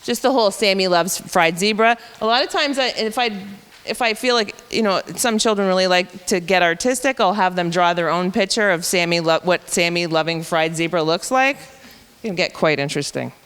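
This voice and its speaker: A woman's voice: lowish voice, a little fast, a bit bright, clean tone, long reverb tail. A woman teacher patiently explaining reading rules to educators, step by step.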